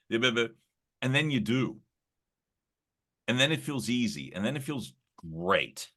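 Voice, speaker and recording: A man guesting on a podcast, talking in a reflective, rambling way with many fillers and restarts and a slightly gravelly early-morning voice. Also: medium pitch, sing-song, slow pace, pauses often, sharp tone. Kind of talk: casual conversational interview.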